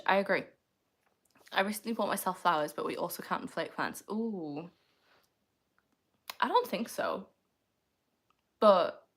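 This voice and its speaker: A young woman, streaming live and reading out her viewers' comments. Her pitch swings freely as she teases the chat and breaks into laughs. Casual, chatty and playful throughout. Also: a bit bright. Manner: playful, teasing, laughs often. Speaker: livestreamer.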